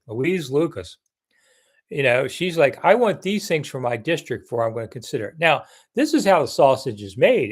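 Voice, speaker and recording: An older man hosting a casual live sports chat, blunt and chatty as he reads viewer comments and answers them. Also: medium pitch.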